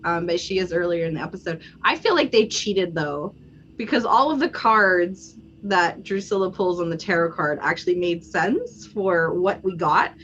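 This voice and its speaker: A woman's voice: fairly low pitch, expressive, moderate pace, fairly bright tone. Casual woman podcaster rambling w lots of "like"s, kinda dull lo-fi sound, faint hiss. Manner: chatty, full of "like" fillers. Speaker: podcast co-host. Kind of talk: casual chat.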